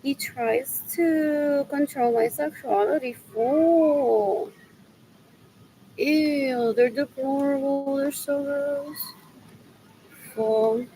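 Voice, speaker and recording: High-voiced lady livestreaming, slow and rambly, kinda gravelly, faint hiss behind her. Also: a little mellow, poor audio. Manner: rambling, repeats herself while musing aloud.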